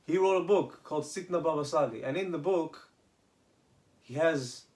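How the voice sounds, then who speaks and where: A man's voice: a little high, normal speed, darkish tone. Man retelling a story with restarts. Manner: retells with acted quoted dialogue and many restarts. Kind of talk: casual religious storytelling.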